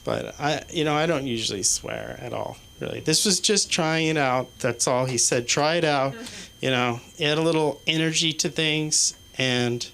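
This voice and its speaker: A man performing stand-up in a small comedy club, his delivery halting and rambling, with a swear word every few phrases. Faint room noise sits under his voice. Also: fairly high pitch, creaky, a bit bright. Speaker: stand-up comic. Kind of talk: stand-up set.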